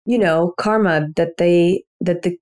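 A woman's voice: fairly low pitch, measured pace, a little mellow. A pregnant woman in her thirties, a podcast guest, talking in a reflective, laid-back way with many fillers. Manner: reflective, laid-back, lots of "you know". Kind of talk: casual chat.

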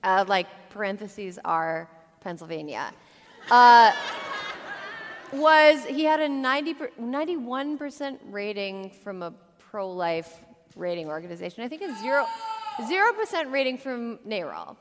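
Woman guest, kinda high voice, dry sarcastic jokes, echoey hall. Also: measured pace, a crowd in the background, noisy background. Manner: sardonic, deadpan punchlines. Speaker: guest panelist. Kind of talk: live comedy podcast banter. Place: live show on stage with audience. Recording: reverberant venue.

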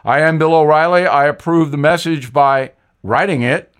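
A man's voice: on the high side, normal speed, clean tone. An older man hosting a news commentary show, telling a wry satirical tale with emphasis. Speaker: host.

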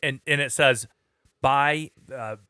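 A man's voice: medium pitch, slow pace, bright, forceful tone, clear, resonant tone, dry recording, studio quality. A man co-hosting a podcast, telling stories casually with blunt, wisecracking remarks. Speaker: podcast co-host. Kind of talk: casual chat, storytelling.

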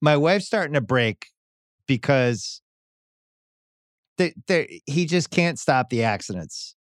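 A middle-aged man chats on a podcast and tells a long story. He acts out other people's lines in a higher voice. The sound is close and dry. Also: animated, slow, no room sound. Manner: storytelling, acts out quotes in raised voice. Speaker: podcast host. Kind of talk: casual podcast chat.

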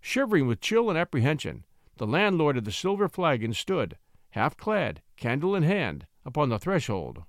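A man narrating a classic short story in an expressive, scripted reading voice. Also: on the high side, moderate pace, no room sound, clean studio sound. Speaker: audiobook narrator.

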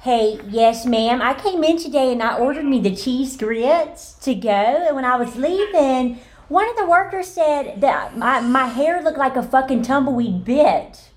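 A woman's voice: high voice, expressive, a little slow. Giggly woman prank calling. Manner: giggly, breaks into laughter, crude. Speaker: prank caller. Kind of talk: prank phone call.

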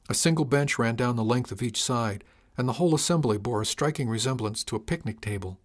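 A man reading a first-person story aloud in a steady, measured storytelling manner. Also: mid-range voice. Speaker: audiobook narrator. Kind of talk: first-person scripted narration.

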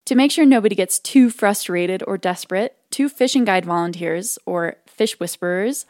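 A woman reporter narrating a documentary feature in a calm, reflective storytelling manner. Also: medium pitch, normal speed, no room sound.

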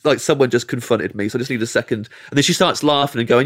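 An English comedian telling a long anecdote as a podcast guest, acting out the people in it and laughing mid-sentence. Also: male voice, mid-range voice, fast talker. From England. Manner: animated, acts out quoted voices, laughs mid-sentence. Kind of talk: storytelling anecdote.

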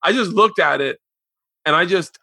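A man hosting a podcast, telling stories in casual chat, animated with sudden loud, cursing outbursts. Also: high voice, normal speed, gravelly, breathy edge, dry recording, studio quality. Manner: animated storyteller, loud outbursts, swears a lot. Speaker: podcast host.

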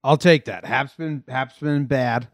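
A young man co-hosting a sports podcast, joking his way through the game in an animated, storytelling manner. His voice sits in a middle pitch and sounds dry and close to the mic. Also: unhurried, no echo. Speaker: podcast co-host. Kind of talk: casual sports chat.

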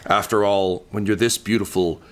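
A man voicing a vain, burning undead woman who shouts a boast. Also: fairly low pitch, fairly even intonation, moderate pace, close to an everyday voice. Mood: boastful.

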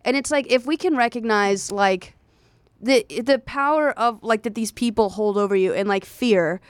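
Blunt young woman, bright smooth voice. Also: a little high, moderate pace, dry recording. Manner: blunt, swears freely, fillers. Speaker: podcast co-host. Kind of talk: casual chat.

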